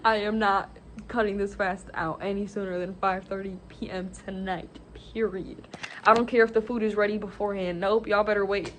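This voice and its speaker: A young woman talking in a casual vlog, excitable and gushing, with lots of "like" and "literally". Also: medium pitch, normal speed, a little hiss or hum. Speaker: vlogger.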